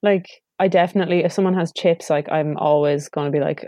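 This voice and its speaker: A woman's voice: deep voice, steady tone, fairly quick, warm tone, no echo, studio quality. A young Irish woman, a guest comedian, chatting casually and filling her talk with "like". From Ireland. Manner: chatty, lots of "like" fillers. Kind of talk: casual chat. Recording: dull, lo-fi audio.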